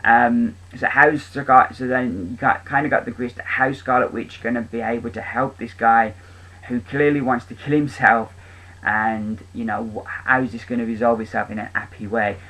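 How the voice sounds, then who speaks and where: A man's voice: medium pitch, fairly even intonation, normal speed, fairly bright tone, poor audio. A man giving a casual, enthusiastic spoken review of comic books, rambling with frequent ums and restarts.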